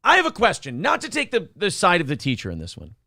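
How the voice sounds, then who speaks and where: High, lively-voiced joking male host. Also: fast, gravelly, no echo, clean studio sound. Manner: joking, profane, offhand. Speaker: morning show host. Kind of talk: casual comedic chat.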